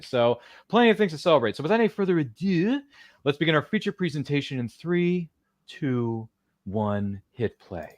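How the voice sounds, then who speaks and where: A man in his thirties from Maryland hosting a casual watchalong live stream, excitable and exclamatory with playful asides. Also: on the high side, moderate pace, dry recording, clean studio sound. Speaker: livestream watchalong host. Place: home studio.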